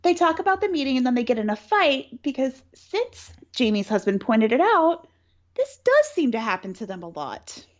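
A woman's voice: sits high, very animated, normal speed. A woman co-hosting a podcast, casually retelling a story with lots of fillers and sarcastic asides. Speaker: podcast co-host recapping a film. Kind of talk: casual chat. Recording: dull lo-fi sound.

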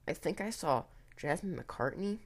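A man's voice: fairly high pitch, expressive, unhurried, voice pushed up. A man reading a spooky story, voicing an innocent, wistful young boy in a raised voice. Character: dreamy young boy, innocent little brother.

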